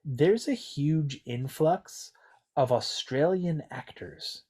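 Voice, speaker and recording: A man's voice: a little high, lively intonation, takes it slowly, dark tone, breathy edge. A man with an everyday mid-range voice who talks his way through a casual podcast chat. He hedges often and circles back on his own points. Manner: chatty, hedging, full of fillers and restarts. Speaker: podcast co-host.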